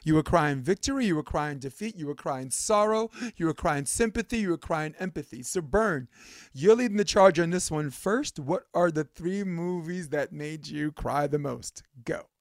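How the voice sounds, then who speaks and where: A man hosting a casual podcast, an animated storyteller who acts out quotes. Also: a little high, moderate pace, dry recording, studio quality. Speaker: podcast host.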